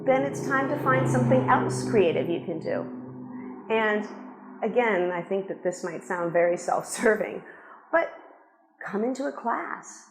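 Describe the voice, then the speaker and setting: A woman's voice: mid-range voice, slight background noise. A middle-aged woman, an acting teacher, giving frank, encouraging career advice straight to camera in a conversational way. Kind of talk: direct-to-camera advice talk. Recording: roomy echo.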